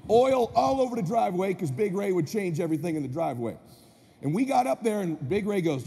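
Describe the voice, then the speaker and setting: Gravelly, punchy male storyteller in a hall. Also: high-pitched, brisk. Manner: energetic, punchy, animated storytelling. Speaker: motivational speaker. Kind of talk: live storytelling speech. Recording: echoey hall with faint noise.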